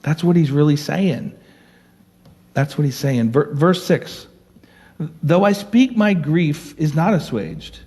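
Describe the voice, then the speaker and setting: A man's voice: fairly high pitch, animated, slow pace, long pauses, mellow, husky. A man preaching as a pastor, teaching verse by verse, reading scripture aloud and explaining it in an earnest, conversational way.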